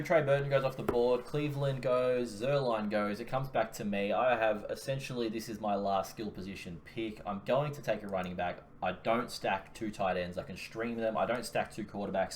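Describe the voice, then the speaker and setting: A young Australian man with an Australian accent, co-hosting a casual fantasy football chat and joking as he talks through his picks. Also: fairly low pitch. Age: young adult. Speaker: podcast co-host. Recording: faint background noise.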